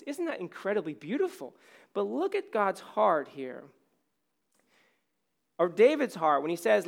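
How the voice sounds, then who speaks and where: A man preaching a casual, conversational sermon on stage while his voice is going hoarse. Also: on the high side, sing-song, moderate pace. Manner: casual, self-deprecating, conversational preaching with many fillers. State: losing his voice. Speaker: pastor.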